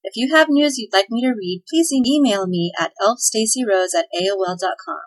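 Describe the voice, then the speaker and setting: Woman host, breathy storybook narrator, cheerful steady read. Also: fairly high pitch, fairly quick, poor audio. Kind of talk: scripted narration.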